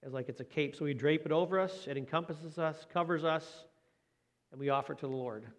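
A man's voice: a little high, brisk. A man preaching a conversational sermon as a pastor. He talks in a folksy way, asks the listeners questions and adds light joking asides.

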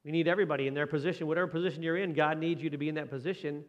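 A man's voice: on the high side, fairly even intonation, very fast, lo-fi sound. A man giving a conversational sermon as pastor, often asking the congregation questions.

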